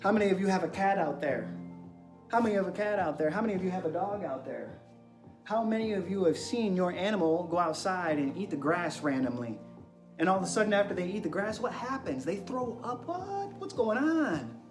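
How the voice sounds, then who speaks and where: A young man with a fairly high voice hosts an energetic wellness monologue, throwing excitable rhetorical questions at his viewers. His voice bounces around an echoey room. Music plays clearly behind him. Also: a little fast. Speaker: host.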